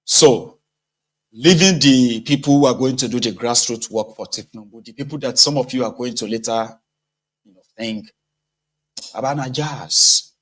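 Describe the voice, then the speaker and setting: A man's voice: medium pitch, normal speed. A man with a Nigerian accent giving casual political commentary, conversational and sarcastic, mixing in pidgin.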